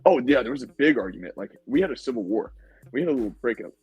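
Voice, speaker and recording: Husky young man telling a story. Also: very fast, dry recording, soft background music, rough recording. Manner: animated storytelling, acts out quotes in high voices; says "like" and "dude" a lot. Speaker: podcast guest, former contestant. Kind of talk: casual podcast interview.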